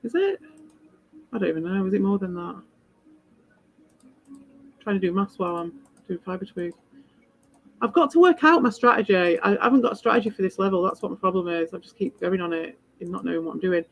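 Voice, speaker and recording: A woman's voice: mid-range voice, a little fast, vocal fry, pauses often, rough recording. A woman chatting casually while she streams a game, rambling from thought to thought and swearing freely as she gets worked up. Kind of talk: casual live-stream chat while playing.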